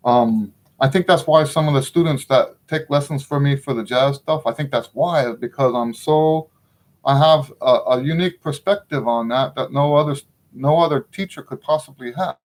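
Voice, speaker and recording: A man's voice: medium pitch, normal speed. A middle-aged man teaching trumpet in a casual spoken lesson, frank and opinionated, often checking in with the listener.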